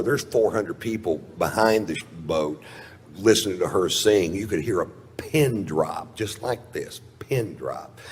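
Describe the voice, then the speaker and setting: A man's voice: deep voice, darkish tone, big-room sound. A man telling a long profane story in stand-up, rambling and self-mocking, on a live stage. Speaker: stand-up comedian.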